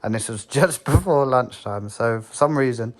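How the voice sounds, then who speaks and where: A man's voice: mid-range voice, animated, normal speed. A man, a tradesman, telling an injury story in a matter-of-fact, blunt way. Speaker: tradesman guest. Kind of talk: casual anecdote.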